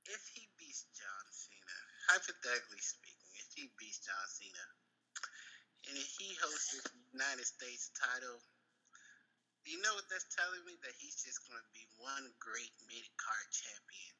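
Very bright-voiced man making wrestling predictions. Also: medium pitch, normal speed, husky, low-quality recording. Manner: animated, emphatic predictions. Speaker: podcast host. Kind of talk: casual wrestling podcast banter.

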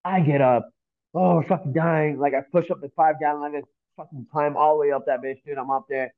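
A man from Miami telling a story in casual talk, animated and swearing often, acting out the voices of the people in it. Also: on the high side, brisk, narrow, tinny audio. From Miami, Florida. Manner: animated, swears a lot, acts out voices in stories. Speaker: guest.

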